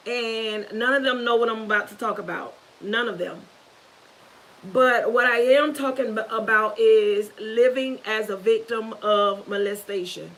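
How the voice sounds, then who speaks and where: A woman on a live stream, nervous and holding back tears, talking in a halting, earnest way with many restarts. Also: fairly high pitch, a bit bright, poor audio. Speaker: YouTuber. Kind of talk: emotional live-stream talk.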